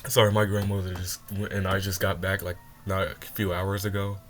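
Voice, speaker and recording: A man's voice: low-pitched, level tone, a little fast, a little hiss or hum. A young man reacting to a clip, heated and swearing, stumbling over his words and sounding upset after crying. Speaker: reaction video host. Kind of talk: reaction commentary.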